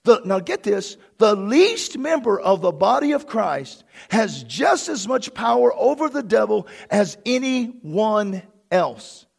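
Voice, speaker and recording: A pastor preaching a fervent sermon and reading a story aloud to his congregation, at times bursting into shouts. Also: high-pitched, big pitch swings, takes it slowly, gravelly, hardly any pauses, husky.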